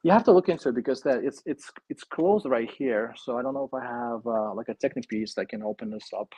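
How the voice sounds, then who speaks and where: A man hosting a casual live stream, chatting excitedly and thinking aloud while he builds a toy kit. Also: mid-range voice, a little fast, breathy edge.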